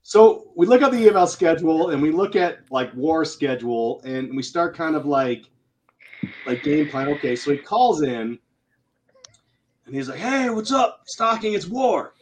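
Male retired NCO, animated storyteller, slightly high pitch, faint noise in the recording. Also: normal speed, rough recording. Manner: animated, laughing, swearing, acting out quotes. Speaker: retired Air Force NCO guest. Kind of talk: casual storytelling among old friends.

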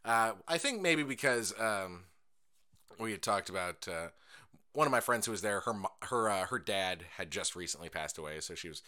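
Animated swearing man telling stories. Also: on the low side, moderate pace. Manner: animated storyteller, swearing, laughing, acting out voices. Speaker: podcast co-host. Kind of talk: casual chat.

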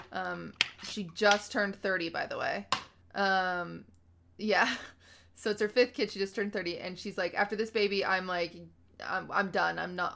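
A young woman telling stories in casual chat as a podcast co-host, acting out quotes with lively energy. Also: mid-range voice, gravelly. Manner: chatty storyteller, acts out quotes animatedly.

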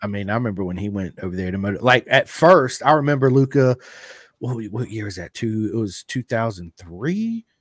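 A man's voice: lowish voice, very animated, a little fast, no room sound, clean studio sound. A middle-aged man hosting a podcast, chatting in a rambling, enthusiastic fan's way. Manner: enthusiastic, rambling fan talk. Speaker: podcast host. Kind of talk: casual interview chat.

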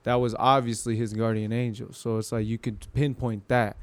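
A man recounts a strange sighting in loose, slang-heavy talk, padded with fillers and restarts. His voice sits at an ordinary pitch. The delivery is unpolished and conversational. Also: little pitch movement, moderate pace. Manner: slangy, rambling with many fillers. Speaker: guest telling ghost stories. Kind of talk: casual storytelling.

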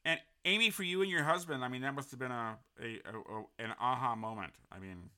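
A man's voice: medium pitch, brisk, bright, forceful tone, smooth. A man hosting an interview podcast in a casual, rambling way, full of restarts and fillers. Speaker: podcast host.

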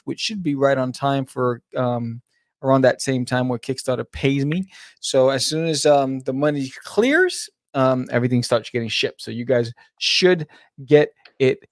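Animated, laughing podcast co-host man. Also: mid-range voice, no echo, clean studio sound. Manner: playful, laughs often, animated. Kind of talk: casual chat. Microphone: video call.

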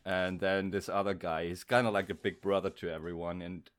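A man's voice: sits low, level tone, a little fast, clear, resonant tone. A man hosting a podcast, retelling scenes in a rambling way with many restarts. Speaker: podcast host. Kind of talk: casual podcast chat.

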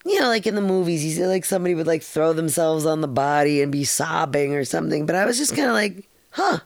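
A woman's voice: deep voice, lively intonation, fast talker, creaky, no echo. A middle-aged woman hosting a podcast, rambling through a personal story in a frank, casual way, with laughter and casual swearing. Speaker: podcast host.

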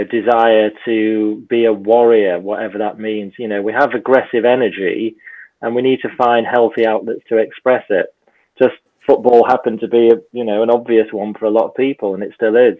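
A man muses aloud as a podcast guest. His voice comes through a narrow, phone-like remote line. He hedges each thought with soft fillers. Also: medium pitch. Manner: thoughtful, hedging with "kind of" and "you know". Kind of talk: reflective conversation.

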